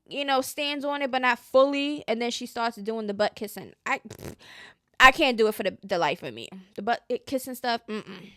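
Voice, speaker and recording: A woman's voice: sits high, moderate pace, bright, forceful tone, smooth, dry recording, clean studio sound. A woman hosting casual gossip commentary, chatty and slangy, often trailing off with hesitant asides.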